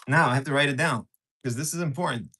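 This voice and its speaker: A man on a casual live stream, excitably answering and teasing his viewers, recorded on a camera set on a tripod. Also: mid-range voice, quick pace, breathy edge. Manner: excitable, jumpy, teasing, answers chat messages aloud.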